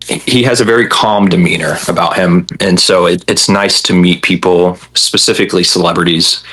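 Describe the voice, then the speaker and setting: A man's voice: deep voice, steady tone, normal speed, a bit bright, breathy edge, low-quality recording. A young man, a podcast guest, chatting casually with a rambling, hesitant manner full of fillers. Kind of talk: casual chat.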